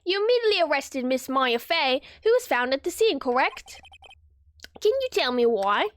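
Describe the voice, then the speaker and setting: A woman's voice: sits high, sing-song, moderate pace, no room sound, voice pushed up. A woman voicing a haughty male prosecutor in a put-on British accent, formal and drawn out. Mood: smug.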